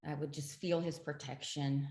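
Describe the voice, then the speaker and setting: A middle-aged woman with a low voice tells her story as an interview guest, earnest and emphatic. The sound has a roomy echo around it. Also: level tone, moderate pace, a little mellow.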